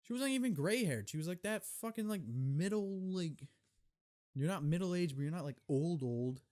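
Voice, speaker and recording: A young man hosting a casual solo podcast, telling stories in a profane, rambling, animated way, recorded on camera. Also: fairly high pitch, moderate pace. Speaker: podcast host.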